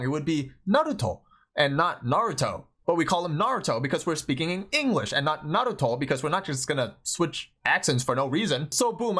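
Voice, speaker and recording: A young Thai-born man with a mid-range voice rants about fan habits in a loose, chatty vlog. He talks fast and loose, peppering his points with "like" and "bro". His tone is animated and exasperated. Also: medium pitch. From Thailand. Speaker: anime commentary vlogger. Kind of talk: casual opinion vlog.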